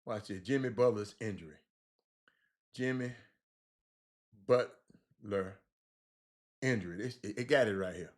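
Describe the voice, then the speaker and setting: A man's voice: fairly low pitch, unhurried, pauses often. A man hosting a livestream, talking basketball in a loose, teasing way and answering his chat. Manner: animated, teasing chat readers, repeats phrases. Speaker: livestream host. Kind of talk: casual basketball talk on a livestream.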